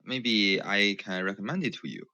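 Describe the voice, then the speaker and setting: A man calling into a livestream, explaining something in a second language, halting and restarting often, heard over muffled call audio. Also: lowish voice, animated, bright, forceful tone, no room sound. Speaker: caller. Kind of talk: casual chat in a second language.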